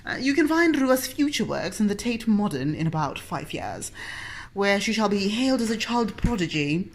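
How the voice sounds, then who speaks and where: A woman's voice: mid-range voice, sing-song, moderate pace. A woman hosting as a parent, chatting playfully while crafting with her child and giving teasing, mock-grand commentary. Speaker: parent and host.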